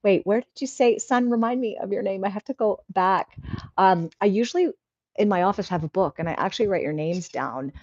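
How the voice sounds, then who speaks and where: A woman's voice: mid-range voice, fairly quick, darkish tone, dry recording, highs cut off. A woman hosting a casual livestream, chatty and encouraging, reading out viewer comments. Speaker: livestream host.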